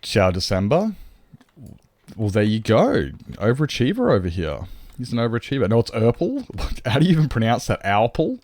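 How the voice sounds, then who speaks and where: A man's voice: medium pitch, wildly swooping pitch, normal speed, a little mellow, no room sound. An Australian man streaming a game, chatting casually and answering his chat in a rambling way.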